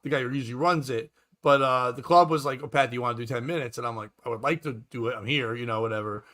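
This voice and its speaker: A man's voice: mid-range voice, quick pace, fairly bright tone. A man, a stand-up comedian and podcast host, rambling through a story and acting out the people in it. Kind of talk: casual storytelling chat.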